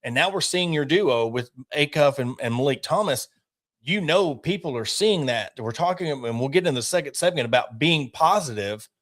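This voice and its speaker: Sports podcast guy, animated, opinionated, rattles off his takes fast. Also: a little high. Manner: animated and opinionated, quick bursts. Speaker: podcast co-host. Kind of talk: casual sports chat.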